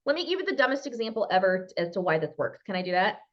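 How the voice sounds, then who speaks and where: A woman from Minnesota with a Minnesota accent, giving an animated talk as a guest speaker on a video call and acting out little dialogues playfully. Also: mid-range voice, very fast. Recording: muffled video call audio.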